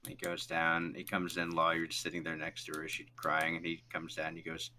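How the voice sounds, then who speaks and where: A man running a tabletop game, describing scenes in a loose, rambling way full of fillers. His voice is low yet bright and forward, with a faint hiss in the background. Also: completely flat delivery, brisk. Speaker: game master.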